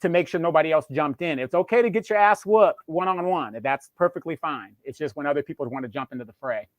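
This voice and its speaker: A man's voice: on the high side, quick pace, no echo. A man co-hosting a casual live chat. He talks in a chatty way and restarts his sentences often. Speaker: co-host. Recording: dry, dull lo-fi sound.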